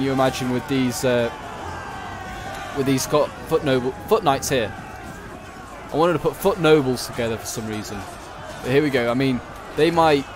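A man's voice: medium pitch, background noise. Chatty man commentating a game. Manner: chatty, thinking aloud with frequent fillers. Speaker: gaming commentator.

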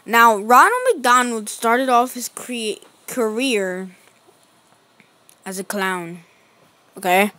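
A woman's voice: on the high side, takes it slowly, pauses often, bright, forceful tone. A woman giving casual, rambling commentary over a series of pictures, full of slang and filler words. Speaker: video host.

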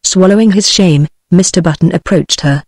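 A woman's voice: on the low side, normal speed, husky, no echo. Brief: British English TTS woman, audiobook narration, dry close sound. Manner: even, synthetic reading. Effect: text-to-speech voice. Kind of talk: scripted narration.

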